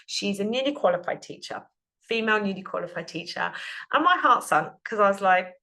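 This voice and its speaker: A woman's voice: medium pitch, expressive, fairly quick, bright, forceful tone. Woman, heartfelt rambling podcaster. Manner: heartfelt and rambling, with many fillers and restarts. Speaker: podcast host and business coach. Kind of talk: casual solo podcast monologue.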